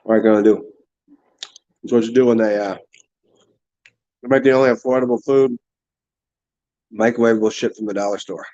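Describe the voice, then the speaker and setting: Eating and drinking on a lo-fi livestream, the host rambles casually, laughs often, and talks with his mouth full. His lowish, darkish voice keeps fairly even intonation and a fairly quick pace, broken by long pauses.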